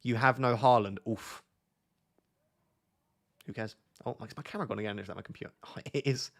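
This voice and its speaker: Chatty young streamer, mid-pitched. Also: male voice, a little fast, creaky. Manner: chatty, jokey, thinks aloud and restarts. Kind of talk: live stream chat with viewers.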